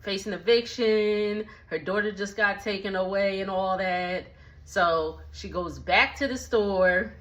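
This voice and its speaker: Woman, casual recap host, lively slangy storytelling, crisp bright voice. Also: mid-range voice, unhurried, lo-fi sound. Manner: chatty, slangy, animated retelling with asides. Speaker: movie recap vlogger.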